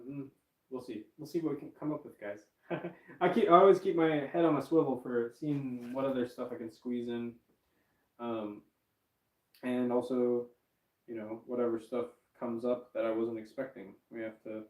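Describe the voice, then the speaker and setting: A male streamer with a medium-pitched, darkish voice rambles casually to his viewers, using lots of fillers and self-mocking laughs. He sounds distant from the mic, with a roomy echo.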